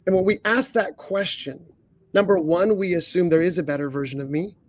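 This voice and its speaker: A man co-hosting a leadership coaching podcast, earnest, stacking up rhetorical questions and often clearing his throat. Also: high-pitched, brisk, no room sound.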